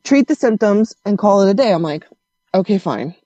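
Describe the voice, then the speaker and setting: A woman telling a story in casual conversation, animated and swearing as she acts out what others said. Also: medium pitch, normal speed, dry recording, dull audio.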